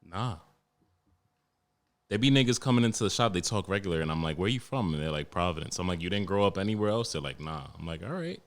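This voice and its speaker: Young man, very deep voice, from New York, profane, animated, podcast host. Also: quick pace. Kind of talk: casual podcast chat.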